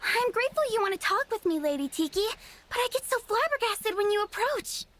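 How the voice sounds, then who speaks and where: A woman's voice: extremely high pitch, big pitch swings, fairly quick, a bit bright, full character voice. A woman voicing a timid young woman who gets flustered easily, in video game dialogue. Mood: bashful.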